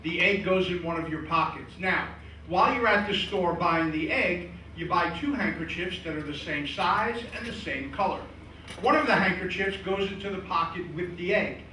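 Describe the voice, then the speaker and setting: High, bright stand-up comic in echoey room. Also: male voice, moderate pace. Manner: deadpan joke delivery, acting out voices of old relatives. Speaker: comedian and magician. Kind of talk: stand-up comedy and magic routine. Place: live show venue. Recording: echoey room from a distant mic, faint noise.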